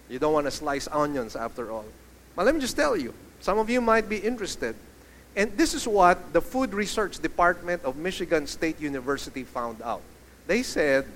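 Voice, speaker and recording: An animated male pastor delivers a sermon, his voice sitting a little high for a man. He asks the congregation questions as he goes. A faint background hum of the room is heard behind him.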